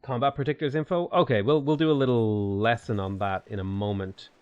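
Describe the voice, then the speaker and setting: A man commentating his own strategy gameplay live, chatting and answering viewer questions with sudden bursts of excitement. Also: medium pitch, fairly quick, clean tone, dry recording, lo-fi sound. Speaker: game streamer.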